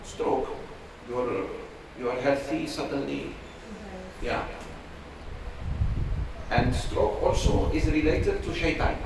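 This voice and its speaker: A man with a mid-range voice teaches a religious class at a slow, conversational pace, acting out the voices of people in his stories. He is recorded from a distance in an echoey, noisy room.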